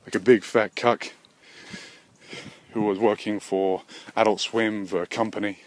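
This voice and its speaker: A man's voice: on the low side, steady tone, unhurried. A young man, rambling and swearing in a self-deprecating monologue while walking outdoors with a handheld camera. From England. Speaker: vlogger. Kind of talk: rambling walk-and-talk monologue. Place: outdoors, walking by a road in the wind. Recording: wind noise outdoors. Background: wind and passing traffic.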